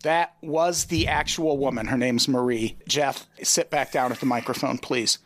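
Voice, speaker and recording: A man's voice: mid-range voice, fairly even intonation, normal speed. A man co-hosting a comedy podcast, reading out a news story in a wry, casual way. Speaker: podcast co-host.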